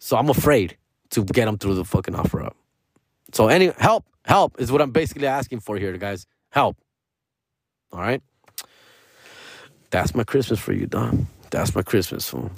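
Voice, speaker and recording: A man in a loose, profane rant, dropping Spanish phrases as he goes. His pitch swings high and low from line to line. The sound is close and dry, with no room around it. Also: normal speed, vocal fry, pauses often, slightly rough, dry recording. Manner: profane slangy talk, switching into Spanish phrases; animated, pitch jumping up and down. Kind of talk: casual rant.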